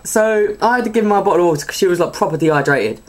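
A man's voice: animated, racing. A young man, telling stories as a podcast co-host, talking while eating. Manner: storytelling, acts out quoted people in high voices. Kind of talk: casual chat.

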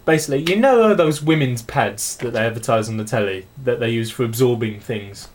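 A man's voice: medium pitch, a little fast. A young man, co-hosting a podcast and telling anecdotes in a dry, hesitant way. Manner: dry, hesitant, full of ums. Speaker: podcast co-host. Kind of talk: casual chat, storytelling.

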